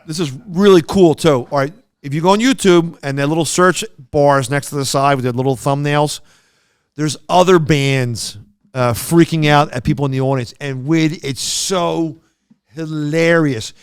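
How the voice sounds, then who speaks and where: Excitable man telling stories, crisp dry voice. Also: on the high side, moderate pace, no echo. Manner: animated storyteller, excitable, frequent restarts. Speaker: podcast co-host. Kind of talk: casual chat.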